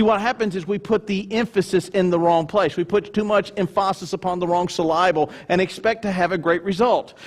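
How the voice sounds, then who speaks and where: A male pastor preaching a sermon with emphatic swings between loud declarations and hushed, mocking asides. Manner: mimics grudging churchgoers in low mocking asides.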